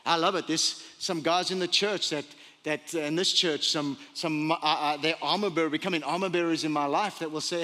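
A man's voice: on the high side, steady tone, fairly quick, sharp tone. Guy pastor preaching hard, lots of rhetorical questions, long echo off the church hall. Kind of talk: sermon. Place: church sanctuary.

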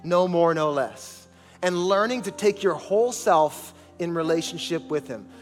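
A man's voice: a little high, a little slow, in a large hall, soft background music. A man preaching a sermon as pastor, emphatic and calling on the congregation for responses, in a large church sanctuary.

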